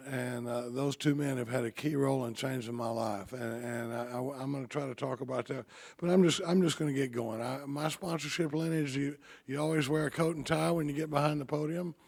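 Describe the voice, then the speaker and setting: A man, giving a folksy, joking recovery talk at a podium, halting often and restarting his sentences. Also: medium pitch, fairly even intonation, vocal fry. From Texas. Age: 50s. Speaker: AA convention speaker.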